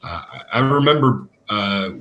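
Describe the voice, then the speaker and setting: A man answering questions as an equipment expert, talking casually and filling pauses with "uh" and "you know". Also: lowish voice, animated, bright, forceful tone, dull audio. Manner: thoughtful, filler-heavy with many uh and you know.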